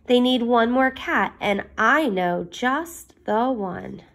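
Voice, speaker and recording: Brief: woman putting on a cocky, rhyming cartoon cat in a hat, high-ish voice. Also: expressive, slow pace, a bit bright, full character voice. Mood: self-satisfied. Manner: boastful, sing-song rhyming. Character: mischievous male cat in a tall hat. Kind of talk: children's storybook read-aloud.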